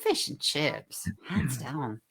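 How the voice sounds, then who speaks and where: A woman co-hosting a casual online show, chatty and quick to laugh. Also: rumbling low, very animated, a bit bright, husky. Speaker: co-host. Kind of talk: casual live-stream chat.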